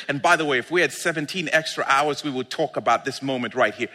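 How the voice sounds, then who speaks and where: A man preaching a sermon as pastor, excitable and laughing, with drawn-out emphasis. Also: fairly high pitch, long reverb tail.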